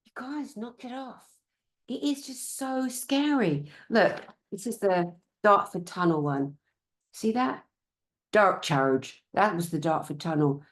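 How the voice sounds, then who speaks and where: A woman's voice: lowish voice, measured pace. Blunt British woman ranting at a conference. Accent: British English. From Britain. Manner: animated, sarcastic, mimics officials in mocking voices; blunt, swears freely. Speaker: conference speaker. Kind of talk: conference talk.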